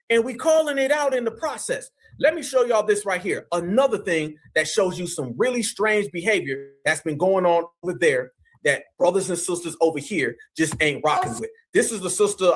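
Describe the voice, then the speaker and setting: A man from Ohio giving emphatic, preachy live-stream commentary and calling his audience "fam" and "family". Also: high-pitched. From Ohio, USA.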